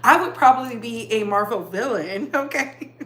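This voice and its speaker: A woman's voice: a little high, lively intonation, moderate pace, a bit bright. A woman hosting a casual live-stream gossip chat, chatty and laughing often as she greets viewers by name. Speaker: livestream host. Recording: echoey room.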